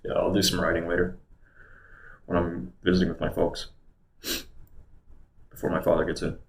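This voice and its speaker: A man's voice: low voice, monotone, moderate pace, creaky. A man chatting casually on a livestream, rambling and muttering to himself as he goes, in a room at home. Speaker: live streamer. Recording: roomy echo with faint background hum.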